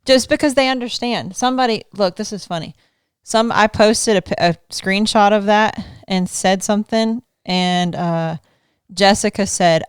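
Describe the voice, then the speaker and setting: A woman guest in a casual podcast chat tells a story in a teasing, animated way. Her voice is smooth and clear at a middle pitch. The recording is close and dry. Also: normal speed, no echo.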